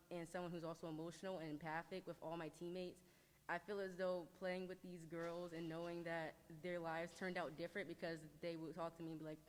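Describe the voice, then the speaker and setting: A teenage girl, a high school lacrosse player giving an earnest, halting, emotional statement at a press conference. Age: teens. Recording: long reverb in a large room.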